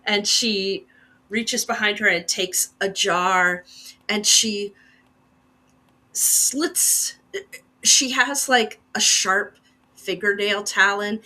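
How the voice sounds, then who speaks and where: A woman's voice: mid-range voice, sharp tone. A woman narrating a tabletop game as game master, describing the scene to the players. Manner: descriptive, unhurried, second-person scene-setting.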